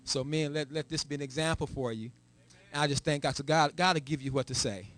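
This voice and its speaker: A man's voice: fairly high pitch, brisk, fairly bright tone. A middle-aged man, a church elder, giving a testimony in a church, who repeats words and builds to a raised, emphatic voice. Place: church sanctuary. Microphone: live stream.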